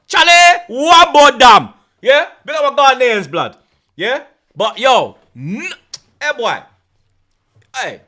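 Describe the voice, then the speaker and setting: A man with a Jamaican accent hosting a stream, ranting loudly and teasingly in slang and patois. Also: extremely high pitch. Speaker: host. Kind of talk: heated livestream rant.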